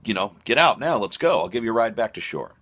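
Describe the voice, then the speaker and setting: A man's voice: on the low side, very animated, fast talker, fairly bright tone, pitched above the performer's own voice. A man voicing an apologetic, foul-mouthed great white shark in a comic retelling. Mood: pleading. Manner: profane, pleading.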